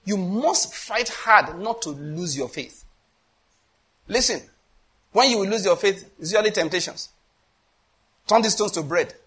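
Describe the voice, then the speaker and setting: Husky-voiced Nigerian preacher, high-pitched. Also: male voice, expressive, unhurried, long pauses, a bit bright. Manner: storytelling with quoted dialogue, conversational; often asks if listeners get the point. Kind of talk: sermon.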